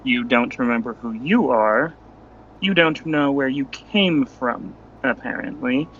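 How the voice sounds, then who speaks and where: A man's voice: mid-range voice, measured pace, fairly bright tone, highs cut off, slight background noise, lightly acted. A man voicing a blunt, suspicious male adventurer who asks pointed questions.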